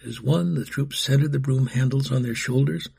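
A man narrates a storybook with a gravelly, very husky voice of middling pitch. He reads dramatically and often drops to a breathy whisper. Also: normal speed, mellow. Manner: dramatic reading, dropping to a whisper.

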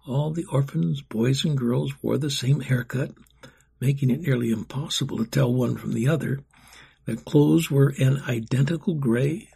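A man narrates a storybook with a gravelly, very husky voice of middling pitch. He reads dramatically and often drops to a breathy whisper. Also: warm tone. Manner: dramatic reading, dropping to a whisper.

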